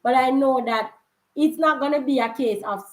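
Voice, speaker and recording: A young woman with a Jamaican accent chats through a personal story for her vlog, laughing easily and sliding into patois. Her voice sits a bit high. The room gives it a roomy echo. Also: moderate pace. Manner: chatty, laughing, slips into patois. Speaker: vlogger.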